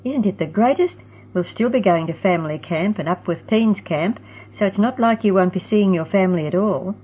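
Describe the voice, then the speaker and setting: A woman's voice: mid-range voice, moderate pace, a little hiss or hum, natural voice. A woman voicing an eager bubbly teenage girl. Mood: excited. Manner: excited, breathless rush. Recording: tinny phone-like sound.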